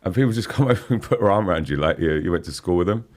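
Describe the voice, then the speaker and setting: His voice sits low, animated and rapid-fire. He's a guest musician in his forties in a podcast studio, laughing a lot and frequently dropping "you know what I mean" in a casual interview.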